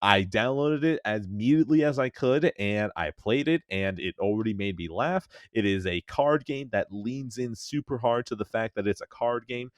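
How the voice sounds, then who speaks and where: Low-voiced, rambling podcast host. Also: male voice, normal speed, few pauses, no echo. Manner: rambling, self-mocking, swears often. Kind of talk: casual podcast chat.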